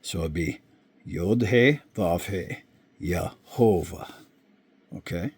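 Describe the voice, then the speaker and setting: A man giving an informal Bible lesson, explaining slowly and checking in often with his listeners. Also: deep voice, breathy edge, no room sound. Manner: slow, unhurried explaining with frequent check-ins. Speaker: Bible teacher. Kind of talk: informal screen-share teaching.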